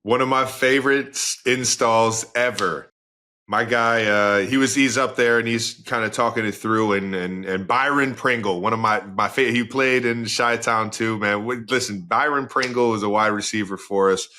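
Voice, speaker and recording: A man's voice: on the low side, steady tone, normal speed, sharp tone. A man in his thirties co-hosting a podcast. He tells stories and asks questions in a loose, rambling way. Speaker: podcast co-host. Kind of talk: casual podcast chat.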